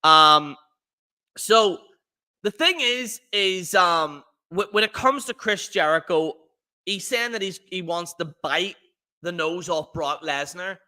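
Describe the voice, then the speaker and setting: A man's voice: sits high, slow, sharp tone. A man hosting a livestream, ranting in a profane, rambling, mocking way. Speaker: livestream host. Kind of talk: casual rant on a livestream.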